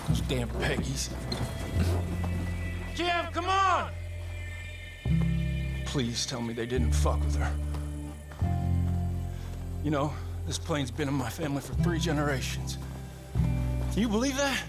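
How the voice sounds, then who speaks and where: An actor playing a desperate young rural pilot who swears often and swings between panic and cheer, in a video game cutscene. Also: male voice, medium pitch, expressive, normal speed, pauses often, loud music behind the voice, lightly acted. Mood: boastful. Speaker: bush pilot.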